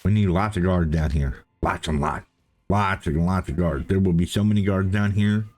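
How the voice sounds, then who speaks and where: A man's voice: low voice, moderate pace, darkish tone. A man giving casual, chatty commentary as he plays a game, thinking aloud and repeating himself. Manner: playful self-talk. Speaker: let's play host.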